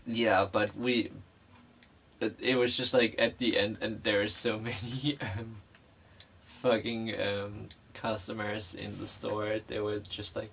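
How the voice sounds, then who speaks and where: A man's voice: lowish voice, flat delivery, slow, vocal fry, fairly bright tone, breathy edge. A man vlogger telling a personal story in a casual, rambling way, with many fillers and frequent swearing.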